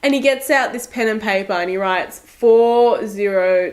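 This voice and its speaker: A woman's voice: mid-range voice, a little slow, hardly any pauses. A young Australian woman with an Australian accent, telling a story in a casual, self-deprecating vlog and laughing often. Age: young adult. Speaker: vlogger.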